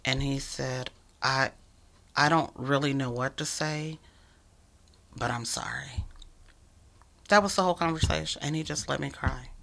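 A woman's voice: rumbling low, fairly even intonation, moderate pace, creaky, a bit bright. A woman telling a personal story in casual conversation, earnest and emphatic, sometimes dropping to a near whisper.

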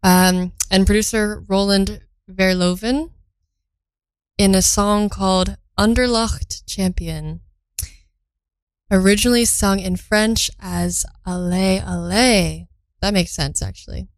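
A woman's voice: medium pitch, fairly even intonation, slow, no room sound, rough recording. A young woman from Belgium hosting a casual radio show, chatting between songs and thinking aloud as she reads facts for the first time.

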